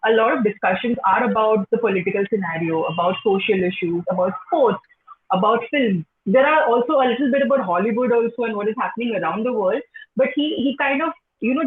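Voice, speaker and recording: A woman's voice: a little high, a little hiss or hum. A young woman with an Indian English accent, a teacher answering interview questions in a chatty way, full of "you know". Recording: echoey phone-like call line.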